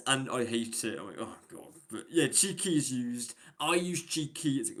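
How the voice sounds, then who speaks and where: Casual host, Yorkshire man, middle pitch, chatty and upbeat, talks with many ums and restarts. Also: normal speed, few pauses. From England. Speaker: host presenting British slang. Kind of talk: casual chat.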